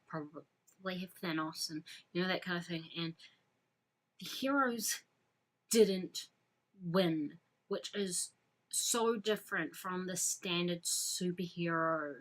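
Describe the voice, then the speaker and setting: A woman's voice: on the low side, a bit bright, poor audio. A woman vlogger chatting casually and effusively as a fan, rambling with frequent fillers and restarts. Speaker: fan vlogger reviewing a film. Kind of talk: casual chat.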